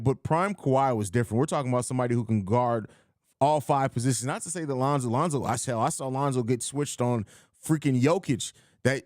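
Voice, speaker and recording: A man's voice: mid-range voice, no room sound, clean studio sound. A man hosting a live post-game podcast in casual chat, blunt and emphatic, reading out viewer comments. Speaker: podcast host.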